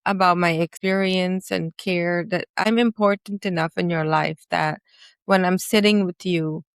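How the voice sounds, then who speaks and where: A woman's voice: lowish voice, fairly even intonation, unhurried, clear, resonant tone, dry recording. Earnest, reflective woman talking. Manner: earnest, reflective, uses fillers like "like" and "you know". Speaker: podcast host and coach. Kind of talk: casual conversational talk.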